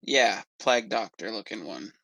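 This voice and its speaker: A man playing a grieving, protective male adventurer, telling a slow, halting story in character during a tabletop role-play. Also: lowish voice, lively intonation, creaky, fairly bright tone, dry recording, exaggerated voice, rough recording. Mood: somber.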